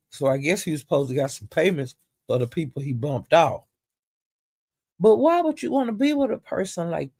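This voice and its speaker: A woman vlogger with a fairly low, slightly mellow voice gives casual gossip commentary, blunt and profane, sounding exasperated as she retells the drama. The sound is clean studio quality with no echo.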